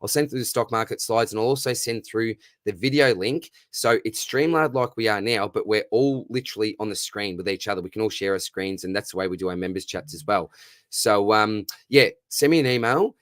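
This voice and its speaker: Australian man, young, matey livestream host, lowish voice, dry mic. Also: a little fast, a bit bright, dry recording. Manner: matey, upbeat, reads viewer questions aloud. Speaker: fantasy football livestream host. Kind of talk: casual live Q&A chat.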